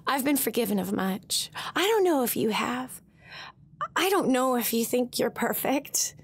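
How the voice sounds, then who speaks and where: A woman's voice: on the high side, expressive, a little slow, breathy edge. A woman hosting a Christian talk radio show, telling a personal story with emotion and animation.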